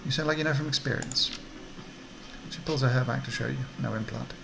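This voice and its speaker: Gravelly male let's play host reading text, mid pitch, faint hiss. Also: brisk. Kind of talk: reading game text aloud.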